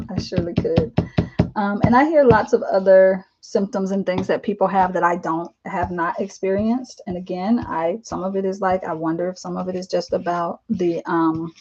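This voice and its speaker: A woman in her fifties vlogs on a live stream, chatting casually in a candid, rambling way with lots of fillers, laughter and animated quoted asides. Her voice is mid-range, and the live-stream camera mic gives a lo-fi sound.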